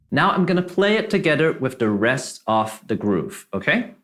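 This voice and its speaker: A man's voice: mid-range voice, sing-song, moderate pace, over music. A man from Malaysia teaching a drum tutorial, explaining step by step, counting beats aloud and checking in with "right?" and "okay?".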